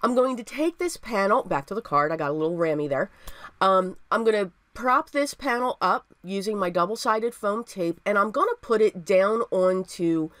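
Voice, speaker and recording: A woman's voice: medium pitch, normal speed, few pauses, fairly bright tone, no echo. A woman hosting a casual crafting tutorial, chatty and upbeat, often repeating herself as she works. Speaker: papercraft video host.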